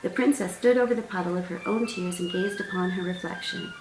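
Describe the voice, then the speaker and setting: A woman author reading aloud from her own storybook in a gentle, measured way. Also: medium pitch, wildly swooping pitch. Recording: roomy sound, distant mic, faint music.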